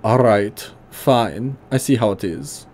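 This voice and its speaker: A man voicing a stout, gruff but kindly old tinkerer with a heavy put-on German accent, reading game dialogue. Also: mid-range voice, slow, a little mellow, a little hiss or hum, voice pushed up. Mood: sulking.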